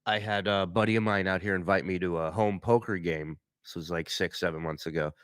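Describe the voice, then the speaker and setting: A man's voice: low voice, fairly even intonation, fairly quick, fairly bright tone, no echo, clean studio sound. A man from New York co-hosting a podcast, telling a self-deprecating, enthusiastic story in casual chat. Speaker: podcast co-host.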